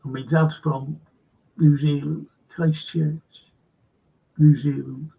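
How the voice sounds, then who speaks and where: Gravelly, husky man chatting. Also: on the high side, flat delivery, slow, dark tone, lo-fi sound. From Liverpool. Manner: rambling, chatty, jokey asides. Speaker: host. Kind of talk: live fan chat show, reading chat questions.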